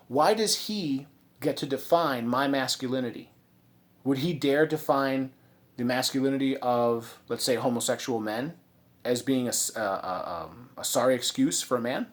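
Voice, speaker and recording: A man's voice: mid-range voice, moderate pace. A man giving a casual commentary monologue as a vlogger, rambling with many fillers and restarts, and sounding indignant. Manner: indignant, ranting.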